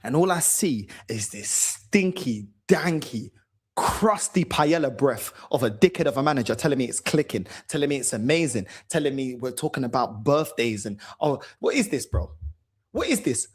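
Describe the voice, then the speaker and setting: A man's voice: mid-range voice, sing-song, moderate pace, breathy edge. A man hosting a fan channel, ranting furiously about his team, swearing and repeating himself. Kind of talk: angry fan rant to camera.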